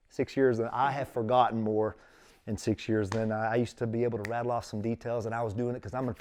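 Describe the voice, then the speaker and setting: A middle-aged man, a guest on an interview show, telling a personal story with earnest feeling and quoting his own thoughts aloud. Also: mid-range voice. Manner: earnest, emotional, animated retelling with quoted inner thoughts.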